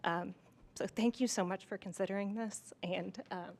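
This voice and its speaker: A woman's voice: mid-range voice, fairly even intonation, normal speed, very noisy. Heartfelt woman speaking at a hearing. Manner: heartfelt, warm toward her neighbor. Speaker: neighbor speaking at a public hearing. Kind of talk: public comment at a town meeting. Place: town hall meeting room.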